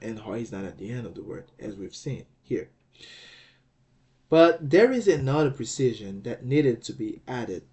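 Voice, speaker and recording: A man teaching a language lesson, explaining rules slowly and deliberately, often repeating phrases and checking in with the listener. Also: mid-range voice, sing-song, mellow.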